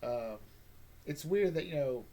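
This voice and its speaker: A man with a fairly high voice runs through a comic recap in a loose, rambling way. His pitch swings widely as he tosses off sarcastic jokes. He talks like a casual host chatting to his listeners. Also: animated, measured pace, dark tone. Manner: joking, rambling, sarcastic asides. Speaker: comic book podcast host.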